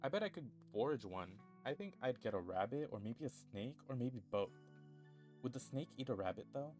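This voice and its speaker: A man playing through a story game, reading its dialogue aloud in an animated, jokey way and switching between character voices. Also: medium pitch, normal speed, faint music behind. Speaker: gaming YouTuber.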